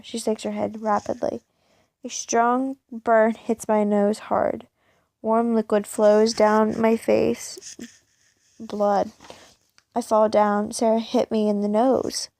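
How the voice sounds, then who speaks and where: A woman reading her own first-person fan fiction aloud, halting and stopping to correct her own slips. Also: fairly high pitch, vocal fry, warm tone, no echo, studio quality. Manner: halting, stumbles and corrects herself.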